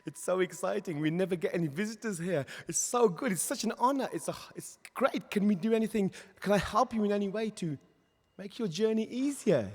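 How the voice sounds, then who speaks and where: A man's voice: medium pitch, a little fast, lightly acted. A man voicing a fawning, helpful male fox who chats about cooking. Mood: gushing. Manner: gushing, chatty. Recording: reverberant hall.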